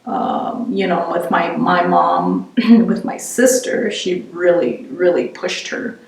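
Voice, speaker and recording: A middle-aged woman giving an oral history interview, reflective and halting, often restarting her sentences. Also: on the low side, sing-song. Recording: roomy, distant mic.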